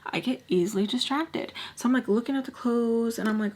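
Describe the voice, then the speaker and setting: A woman's voice: mid-range voice, fairly quick. Chatty woman telling a story. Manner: chatty, animated, often drops to a whisper. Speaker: storytime vlogger. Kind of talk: casual storytelling.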